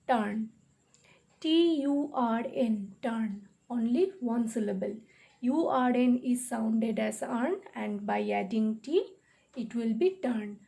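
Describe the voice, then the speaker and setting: A woman teaches a spelling lesson, spelling each word letter by letter. Her voice is fairly high but gravelly, with a dark, mellow tone. She speaks very slowly and patiently. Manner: slow, spells words letter by letter.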